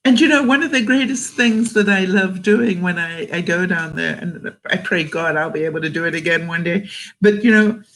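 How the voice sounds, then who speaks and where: A woman's voice: lowish voice, moderate pace, slight background noise, poor audio. An older woman from Canada, chatting casually on a live stream, reading out viewer comments and laughing often between thoughts. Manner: chatty and warm, laughs often, restarts sentences. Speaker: vlogger reading live chat.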